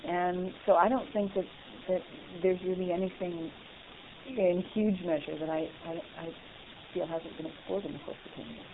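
A woman being interviewed about her acting work, talking in an animated, chatty way with frequent laughter. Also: on the low side, normal speed. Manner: animated, laughs often, restarts. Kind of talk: casual interview chat. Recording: tinny phone-like line with faint hiss.

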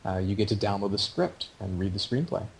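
A man's voice: on the low side, lively intonation, a little fast, creaky, a little hiss or hum, rough recording. A man hosting a podcast, talking in a chatty, opinionated way. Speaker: podcast host. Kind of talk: casual podcast chat.

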